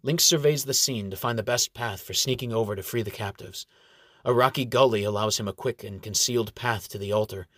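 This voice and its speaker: A man reading a fantasy story aloud in a steady, measured storytelling voice. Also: fairly low pitch, no echo, clean studio sound. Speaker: narrator. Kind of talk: audiobook fantasy narration.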